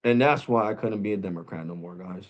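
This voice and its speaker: A man's voice: lowish voice, fast, highs cut off. A man vlogging, ranting to his viewers in a blunt, mocking way. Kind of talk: opinion rant to camera.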